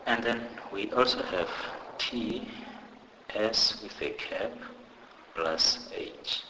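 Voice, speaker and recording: A man's voice: on the low side, takes it slowly, bright, forceful tone, a little hiss or hum, rough recording. A man teaching a beginner language lesson, spelling out letter pairs and saying each example word twice in a careful, scripted delivery. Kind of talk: slow scripted pronunciation lesson.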